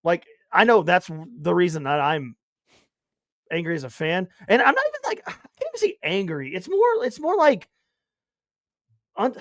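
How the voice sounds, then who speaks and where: A man co-hosting a sports podcast in casual chat, rambling and animated with loud bursts. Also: high-pitched, moderate pace, pauses often, no echo, studio quality. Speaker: podcast co-host.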